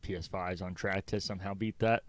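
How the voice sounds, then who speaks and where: Smooth low-voiced podcast co-host. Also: male voice, a little fast. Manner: relaxed, rambling opinions with fillers. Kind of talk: casual gaming podcast chat.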